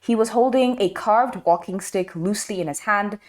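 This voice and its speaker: A woman's voice: medium pitch, normal speed. A young woman hosting a casual history podcast, telling stories animatedly, reading quotes and laughing often. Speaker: podcast host.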